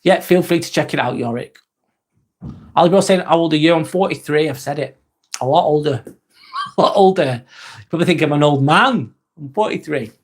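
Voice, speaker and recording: A man in his forties chats loosely through a live stream, his voice sitting a touch high. He rambles from one viewer comment to the next, with plenty of fillers and the odd casual swear word. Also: moderate pace, long pauses. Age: 40s. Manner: rambling and chatty, with frequent fillers and mild swearing.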